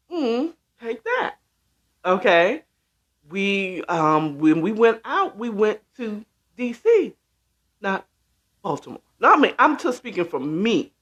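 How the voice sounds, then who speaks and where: A man's voice: high-pitched, fairly bright tone. A middle-aged man from the Washington, D.C. area hosting a casual livestream chat, rambling and talking straight to his viewers with plenty of ums. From Washington, D.C. area (born in D.C., raised in Maryland). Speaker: host.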